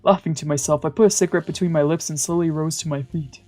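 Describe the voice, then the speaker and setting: A VTuber narrating a visual novel aloud in an animated, reactive way. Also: mid-range voice, fast, soft background music. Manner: animated, reacting with loud outbursts then narrating. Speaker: streamer, VTuber.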